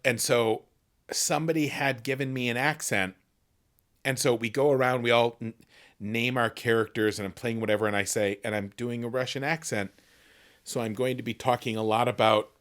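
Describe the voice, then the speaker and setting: Guy on a stream chat rambling thru a story, lots of ums and restarts, mid pitch. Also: fairly bright tone. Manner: rambling, halting, self-deprecating storyteller. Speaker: host. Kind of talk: casual livestream chat.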